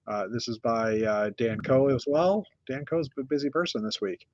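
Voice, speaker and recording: A middle-aged man from North America hosting a casual chat, rambling through a list with many pauses and restarts. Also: medium pitch, lively intonation, a little mellow, dry recording, muffled recording. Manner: rambling, lots of uh and restarts, shows builds one by one. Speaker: podcast host.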